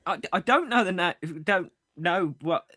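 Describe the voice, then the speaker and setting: A man's voice: high-pitched, lively intonation, a little slow, pushed and bright, no room sound, clean studio sound. A man co-hosting a podcast in casual chat, reading out listener messages and laughing often. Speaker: podcast co-host.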